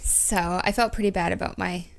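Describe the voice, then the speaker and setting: A woman's voice: lowish voice, steady tone, creaky. A woman co-hosting a podcast in casual chat, laughing readily and reacting to her co-host's stories. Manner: chatty, quick to laugh, reacts warmly. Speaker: podcast co-host.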